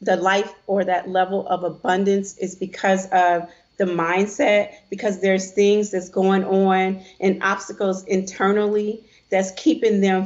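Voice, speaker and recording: A middle-aged woman, a financial advisor and coach, telling a heartfelt personal story as an interview guest. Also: medium pitch. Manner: heartfelt, earnest storytelling with quoted voices. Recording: dull lo-fi sound.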